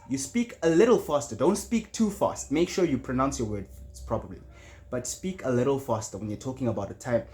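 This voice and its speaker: A young man giving a casual spoken tutorial on public speaking, shifting his pitch and loudness for emphasis.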